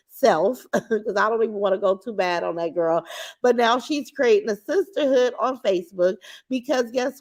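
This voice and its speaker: A woman hosting a livestream, reading viewer comments aloud and giving her opinions in casual chat. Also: mid-range voice. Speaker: livestream host.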